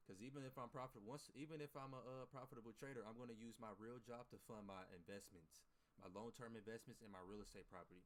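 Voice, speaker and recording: A man's voice: medium pitch, steady tone, fast talker. A man day trader chatting casually to his livestream viewers, rambling and profane as he gives his chat a pep talk.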